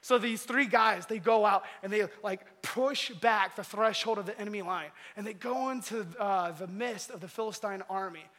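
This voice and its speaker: Animated young-sounding preacher in a hall. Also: male voice, sits high, normal speed, few pauses. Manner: animated, slangy. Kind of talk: casual storytelling sermon. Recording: long hall reverb.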